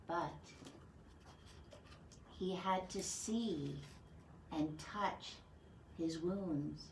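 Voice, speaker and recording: Slow, expressive woman telling a Bible story. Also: sits low, a little hiss or hum. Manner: slow, expressive, asks the children questions. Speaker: children's Bible teacher. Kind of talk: storytelling to children.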